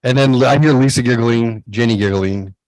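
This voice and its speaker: Animated storytelling man, dry mic. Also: mid-range voice, moderate pace, dry recording, low-quality recording. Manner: animated, acts out quotes in a raised voice. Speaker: podcast co-host. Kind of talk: casual storytelling chat.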